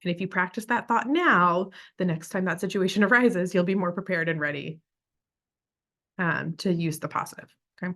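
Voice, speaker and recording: A woman's voice: on the low side, a bit bright. Upbeat American woman teaching parents. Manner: upbeat, conversational, acts out quick parent and child voices. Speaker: parent educator. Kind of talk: parenting workshop presentation.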